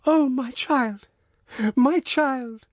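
Man voicing a panicked countess mom, high pleading cries, husky storybook voice. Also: a little slow, no room sound, studio quality. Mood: desperate. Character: terrified noblewoman mother, desperate.

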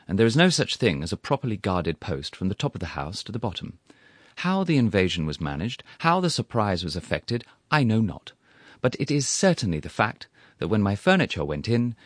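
A man narrating a story aloud with dry, ironic, measured storytelling, recorded on a close studio mic. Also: low voice, no echo. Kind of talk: scripted audiobook narration.

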